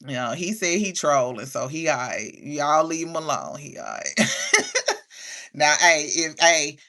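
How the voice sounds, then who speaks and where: A woman with grandchildren hosting a loose, chatty livestream, with a gravelly edge in her lowish voice. She reads viewer comments aloud, laughs a lot and talks openly with her audience. She sounds emotional after crying, and her tone is bright and pressed. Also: sing-song, unhurried. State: emotional, has been crying. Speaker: livestream host. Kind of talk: casual livestream chat.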